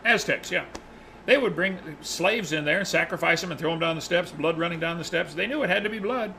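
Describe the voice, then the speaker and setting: A man teaching a Bible study class tells a story with real animation. His voice sits a little high and has a bright, forceful edge. A faint hum of noise runs behind him. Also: brisk, rough recording. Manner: animated, acts out the characters' lines in his retelling.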